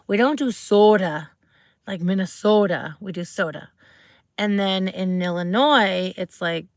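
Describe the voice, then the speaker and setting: A woman's voice: medium pitch, a little slow, no echo. A woman from Wisconsin with a Midwestern accent, chatting casually with viewers on a livestream and rambling from question to question. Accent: Midwestern American (Wisconsin). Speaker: livestream host.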